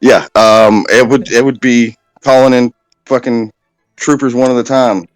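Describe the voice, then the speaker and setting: A man's voice: mid-range voice, fairly even intonation, unhurried, dry recording, soft background music. A man playing a tabletop game, loose and rambling, swearing casually. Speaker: player.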